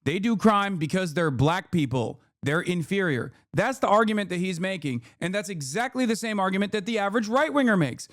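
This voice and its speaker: A man's voice: sits high, a bit bright, no room sound, clean studio sound. A man in his thirties commenting on a debate clip in casual, emphatic, argumentative talk with some swearing. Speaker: streamer reacting to a debate clip.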